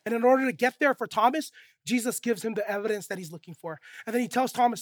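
A preacher giving a lively, conversational sermon to a young crowd. The preacher often checks in with the listeners and drops soft and low to stress the key points. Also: fast, no room sound.

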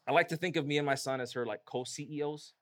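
Pastor, male, emphatic sermon delivery, slightly higher voice. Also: quick pace, fairly bright tone. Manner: emphatic preaching with rising emphasis.

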